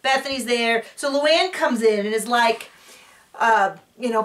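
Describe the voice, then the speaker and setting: A woman chatting casually as she recaps a show, rambling and acting out quotes in a higher voice. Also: unhurried, distant mic. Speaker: recap vlogger.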